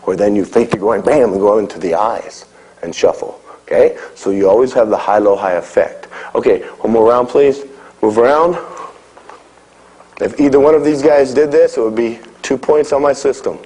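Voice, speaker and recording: At a moderate pace and medium pitch, a middle-aged man with a warm tone leads a martial arts class. He calls out drills, coaches his students and checks in often with "okay?", captured on a low-quality recording.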